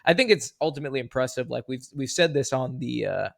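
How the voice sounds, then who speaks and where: A young man co-hosting a podcast in casual chat, animated and prone to loud mock voices. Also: mid-range voice, fast, gravelly, no echo, studio quality. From California. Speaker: podcast co-host.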